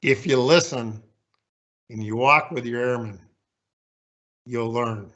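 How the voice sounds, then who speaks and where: A man's voice: mid-range voice, slow pace, a bit bright, dull audio. A man in his sixties giving a candid, folksy, self-deprecating leadership talk with slides as a guest speaker.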